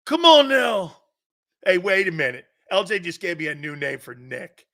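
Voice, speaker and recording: A man's voice: sits high, big pitch swings, moderate pace, vocal fry, bright, forceful tone. A man hosting a sports talk show, ranting brashly with profanity and frequent laughter. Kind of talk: casual sports radio talk.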